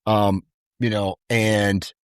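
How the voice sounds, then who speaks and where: Casual male podcast storyteller, lower register, dry close sound, easygoing and animated. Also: drawn-out words, smooth, no echo. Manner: animated storyteller, laid-back, says "dude" a lot. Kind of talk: casual chat.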